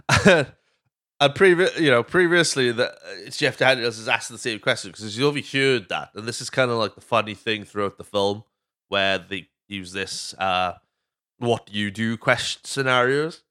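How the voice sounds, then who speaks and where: Welsh male podcast host, low-pitched but sharp and forceful, loose sweary movie recap full of tangents. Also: normal speed. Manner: rambling, sweary, goes off on tangents.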